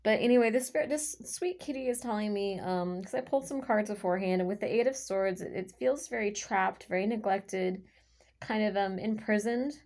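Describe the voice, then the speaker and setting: A woman giving an intuitive tarot reading to her viewers, talking in a rambling, heartfelt way with many halting restarts. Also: mid-range voice, darkish tone. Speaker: tarot reader.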